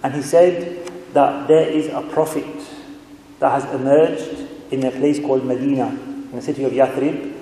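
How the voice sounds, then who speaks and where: A man's voice: medium pitch, normal speed. Man giving a mosque sermon. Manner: conversational, animated storytelling with asides. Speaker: guest speaker, religious scholar. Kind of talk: sermon with storytelling. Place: mosque prayer hall. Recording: echoey hall reverb.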